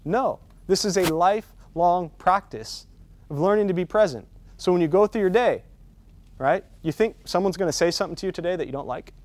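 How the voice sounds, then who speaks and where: A high-voiced man with a darkish tone speaks briskly in a dry recording while leading a meditation teacher-training workshop. He keeps it casual, checks in often with "right?", and builds intensity toward his key points.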